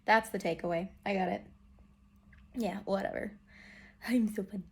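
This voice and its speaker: A woman's voice: mid-range voice, fairly even intonation, normal speed, slightly rough. A young woman vlogging casually from a hotel room, chatty and self-mocking, with many fillers. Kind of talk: casual vlog chat.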